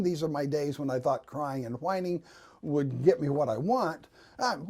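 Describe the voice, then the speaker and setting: Man, pastor giving a devotional; slow, mellow, folksy storyteller. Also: high-pitched, lively intonation, gravelly. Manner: folksy, gently humorous storytelling.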